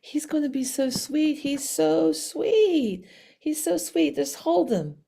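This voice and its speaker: A bubbly, coaxing girlfriend, put on by a woman retelling a story, lifts her voice high and gushes sweetly. The tone stays soft and mellow. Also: steady tone, slow. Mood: gushing. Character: excited gushing female friend, adult.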